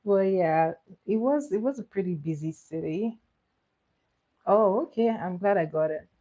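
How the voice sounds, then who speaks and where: This woman hosts a makeup livestream, chatting casually, replying to viewer comments, and laughing frequently. Her mid-range voice is warm and animated, and she talks a little slowly. The audio is slightly muffled and dull.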